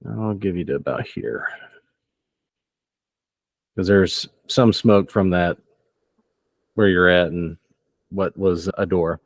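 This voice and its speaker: A man's voice: low-pitched, slow, long pauses, dry recording. A man narrating as game master, loose and descriptive, often laughing.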